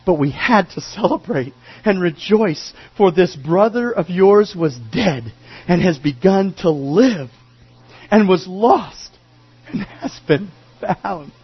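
A man playing a tender father who gently pleads with his resentful son. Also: high voice, lively intonation, slow, husky, dull audio, faint music behind, pitched below the performer's own voice, heavily acted. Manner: soft, tender.

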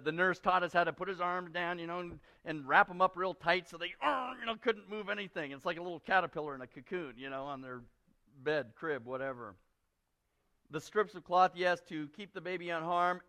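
A male pastor preaching a sermon in a conversational way, dropping to a soft, earnest tone for emphasis. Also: high voice, normal speed.

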